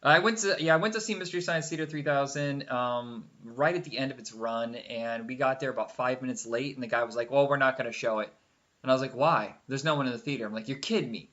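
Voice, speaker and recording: Podcast host in his forties, casual chatter who acts out quotes, mid-pitched. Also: fast talker, hardly any pauses, dull audio. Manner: animated storyteller, acts out quotes. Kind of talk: casual chat.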